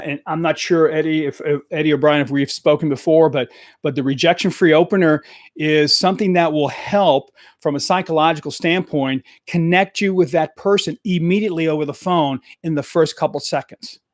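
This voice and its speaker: A man coaching salespeople in a live stream, talking straight into a desk microphone in a direct, energetic way and repeating his key points. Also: fairly high pitch, fairly quick, no echo, clean studio sound.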